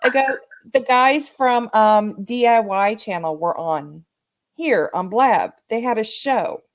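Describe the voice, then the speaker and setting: A woman on a video call heaping warm encouragement on another participant, effusive and upbeat. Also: a little high, slow. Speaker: supportive chat participant. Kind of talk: casual video group chat.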